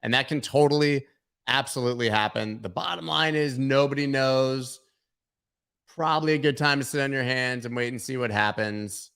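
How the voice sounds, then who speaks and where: A man's voice: medium pitch, fairly even intonation, moderate pace, a bit bright, clean tone. A man hosting a casual market livestream, talking loosely with jokes and rambling asides. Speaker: host of a crypto market livestream.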